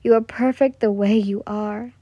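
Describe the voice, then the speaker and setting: A woman voicing a loving mother who speaks softly and dotingly to her child. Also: mid-range voice, steady tone, moderate pace, no echo, dull audio, lightly acted. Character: loving, sometimes stern young mother.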